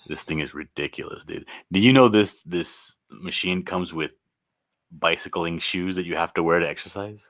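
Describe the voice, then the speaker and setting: Very deep bright-toned man. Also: moderate pace. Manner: blunt, complaining, says "dude". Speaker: guest on a livestream. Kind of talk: casual chat. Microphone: webcam on a video call.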